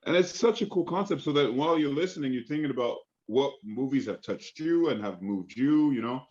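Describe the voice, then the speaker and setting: A man's voice: medium pitch, animated, a little fast, darkish tone. Man, actor guest, eager and chatty, muffled lo-fi sound. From Canada. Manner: enthusiastic, lots of fillers and restarts. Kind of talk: casual interview chat.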